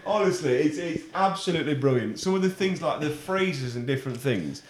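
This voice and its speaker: A young man chats on a podcast, his pitch swinging up and down as he talks. He laughs often and swears casually between stories. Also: expressive, brisk. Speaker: podcast co-host. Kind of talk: casual chat.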